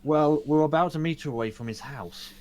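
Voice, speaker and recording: Dry-humored player on an old headset. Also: male voice, on the high side, brisk, a crowd in the background. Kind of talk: casual chat and in-character role-play. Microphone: old headset on a voice call.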